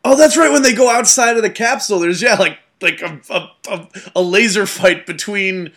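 A young man co-hosting a casual podcast about movies, laughing often and getting animated. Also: high-pitched, normal speed. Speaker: podcast co-host.

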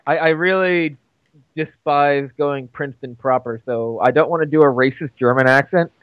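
A man's voice: medium pitch, normal speed, dry recording, narrow, tinny audio. A young man co-hosting a movie podcast, cracking dry jokes with frequent stammered restarts. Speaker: podcast co-host. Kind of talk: casual movie chat.

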